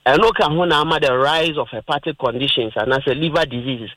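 A man's voice: on the high side, brisk, a bit bright, dry recording, low-quality recording. A Ghanaian man hosting a radio health talk, explaining in plain terms and mixing in English words.

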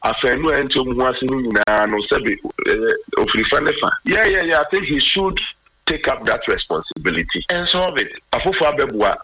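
A man's voice: medium pitch, bright, forceful tone, breathy edge, no room sound, rough recording. A man commenting on current affairs in a radio talk discussion, switching between Twi and English and stating firm opinions.

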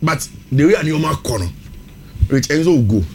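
A Ghanaian man breaks down football on the radio, his voice a touch higher than most, switching between Twi and English. The studio carries a faint hiss of background noise behind him. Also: normal speed. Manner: animated, mixing Twi and English. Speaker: football pundit.

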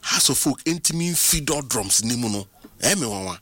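A man with a Ghanaian accent hosting a sports talk show, chatting in an animated way and mixing English with Twi. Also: medium pitch, normal speed, over a noisy crowd. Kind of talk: casual studio sports talk.

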